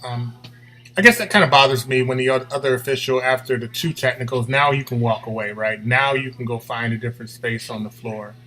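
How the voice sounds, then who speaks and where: A man, a basketball official, giving a comment in a meeting on a video call, speaking haltingly with restarts. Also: mid-range voice, bright, forceful tone, low-quality recording.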